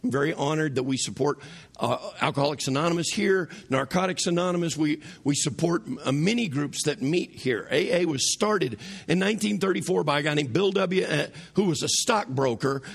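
A man's voice: fairly high pitch, normal speed, vocal fry, slightly rough. A man preaching a conversational sermon to his congregation in a church, asking them questions as he goes. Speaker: pastor. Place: church sanctuary.

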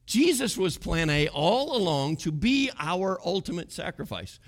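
A man's voice: high voice, big pitch swings, moderate pace, breathy edge. A man preaching a sermon in an emphatic, conversational way, asking the congregation rhetorical questions. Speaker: pastor.

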